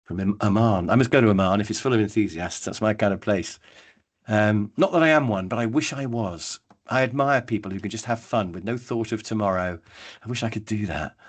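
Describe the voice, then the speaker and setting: A man, running a live online training workshop, chatty and lively, calling on attendees by name. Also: lowish voice, fairly quick, breathy edge. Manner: lively, chatty, acts out brief voices, addresses attendees by name.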